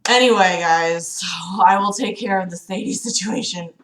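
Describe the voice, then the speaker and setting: A woman's voice: medium pitch, moderate pace, fairly bright tone. Chatty young woman on a livestream. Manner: chatty, profane, fretful and giggly. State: slight cough. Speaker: livestream host reading a friend's book. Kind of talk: casual livestream chat and reading aloud. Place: room at home. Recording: echoey home room.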